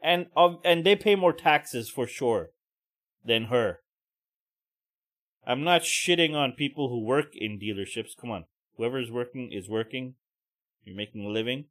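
A man's voice: medium pitch, measured pace, long pauses, fairly bright tone. A man hosting a podcast, giving profane, heated, mocking commentary. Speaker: podcast host. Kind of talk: ranting commentary.

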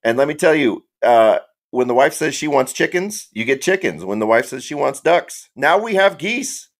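A man from Kansas City, a guest on a sports podcast, telling a story in an animated way. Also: mid-range voice, normal speed. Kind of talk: casual sports podcast chat.

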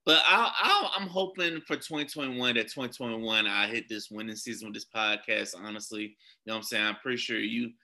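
A man's voice: fairly low pitch, brisk, hardly any pauses, bright, forceful tone. A man podcaster chatting casually in an easygoing, loose way. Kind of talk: casual chat.

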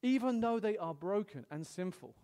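A middle-aged man preaching a sermon, animated, swinging between loud exclamations and hushed storytelling. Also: sits high, moderate pace, big-room sound.

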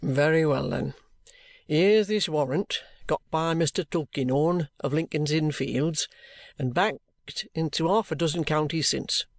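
An audiobook reader voicing a shrewd, jovial middle-aged male detective who coaxes and banters in a steady everyday voice, recorded close and dry. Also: mid-range voice, measured pace, no room sound, natural voice. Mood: bantering. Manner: coaxing, bantering encouragement. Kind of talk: audiobook character reading.

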